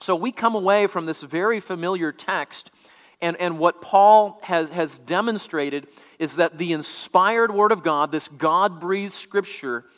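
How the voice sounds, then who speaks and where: A man's voice: high-pitched, a little slow, a bit bright, in a large hall. A man preaching a sermon, explaining scripture word by word as a teacher, often repeating words as he restarts.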